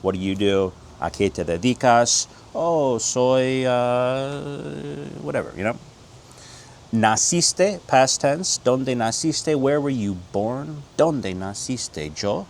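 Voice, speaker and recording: A middle-aged American man teaching a casual Spanish lesson, energetic and quick, switching between English and slow Spanish drills. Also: mid-range voice, slight background noise. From United States.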